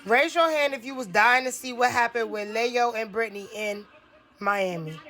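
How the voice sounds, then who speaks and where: Young woman vlogger, blunt and sassy reaction voice, a bit high. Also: moderate pace, a bit bright. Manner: sassy, blunt, laughing asides. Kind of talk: live reality-show reaction commentary.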